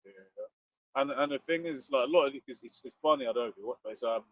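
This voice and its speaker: A man chats on a livestream in a loose, rambling way, often laughing and agreeing, with restarts. His voice sits at an ordinary middle pitch for a man. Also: fast, a bit bright, dry recording. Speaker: livestream co-host. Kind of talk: casual chat.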